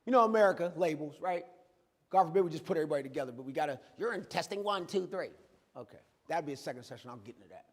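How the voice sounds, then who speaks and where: A man giving a lively, conversational motivational talk about his own life, acting out bits of dialogue as he goes. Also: fairly high pitch, very fast, big-room sound. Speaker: guest speaker. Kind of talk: motivational personal storytelling talk. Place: campus event hall.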